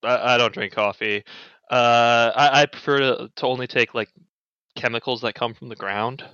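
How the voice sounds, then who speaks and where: A man's voice: medium pitch, fairly even intonation, clean tone, no room sound, highs cut off, voice pushed down, lightly acted. Dude doing a spaced out stammery young guy, dry close mic. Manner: halting, stammering, mellow. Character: spacey young man who shuns coffee.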